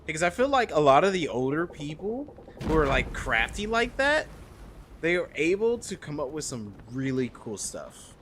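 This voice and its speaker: A man streaming a horror game, chatting casually with his viewers and reacting with quick laughs. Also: fairly high pitch, sing-song, fairly bright tone, a little hiss or hum. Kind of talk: casual gameplay commentary.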